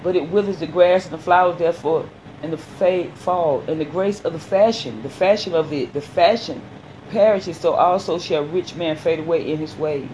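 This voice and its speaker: A man preaching a sermon, reading scripture haltingly and then explaining it in plain, folksy words. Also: a little high, a little mellow, a little hiss or hum, poor audio.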